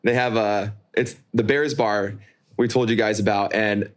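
A man's voice: lowish voice, flat delivery, measured pace. Guy cohosting a chatty podcast, laughs a lot, keeps restarting sentences. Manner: laughs often, storytelling with restarts. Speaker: podcast co-host. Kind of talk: casual chat. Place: New York.

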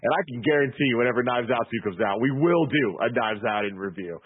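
A man hosting a podcast in casual chat, excitable, swearing loosely as he reads out listener reviews. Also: mid-range voice, a little fast, slightly rough, dry recording. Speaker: podcast host. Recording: tinny phone-like audio.

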